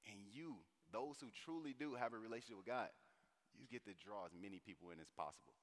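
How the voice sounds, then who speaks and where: A man's voice: lowish voice, fast. Preacher man in a reverberant hall. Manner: animated, conversational preaching with slang. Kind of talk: sermon.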